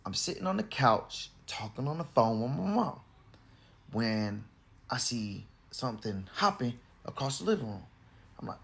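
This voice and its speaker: Animated husky man telling a story. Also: on the high side, normal speed. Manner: animated, loud, shrieking mid-story. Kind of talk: comic storytelling.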